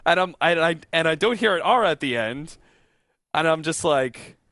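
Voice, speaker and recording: A playful man bantering as a game caster, his pitch swinging widely from high to low. His voice sits a little high and sounds dry and close, with no room around it. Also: animated, moderate pace, a bit bright, no echo. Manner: playful, laughs often, does silly voices. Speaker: esports caster. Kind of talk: casual banter between casters.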